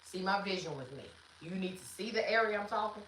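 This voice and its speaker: A woman's voice: medium pitch, fairly quick. A woman hosting a casual livestream from her family room, talking straight to viewers on a phone camera she carries around the room. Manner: animated, chatty, talks straight to viewers. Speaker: livestream host. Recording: echoey room with some noise.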